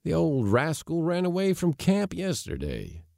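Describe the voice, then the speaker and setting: A man's voice: on the low side, big pitch swings, measured pace, gravelly, dark tone, dry recording, studio quality, exaggerated voice. A man voicing a sly young cowboy who spins a folksy, earnest-sounding yarn in a storybook reading. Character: sly young cowboy, smooth-talking and quick.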